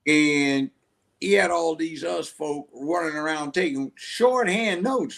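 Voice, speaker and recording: A man's voice: a little high, takes it slowly, gravelly. An older man telling long stories as a guest in an interview, acting out voices as he goes. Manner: animated storyteller who acts out voices. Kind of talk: storytelling interview.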